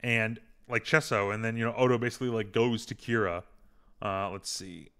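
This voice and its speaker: Man, podcast host, loose recap talk, filler hums, bright clear tone. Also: on the low side, fairly even intonation, moderate pace. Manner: rambling, retells scenes with filler hums. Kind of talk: casual episode recap chat.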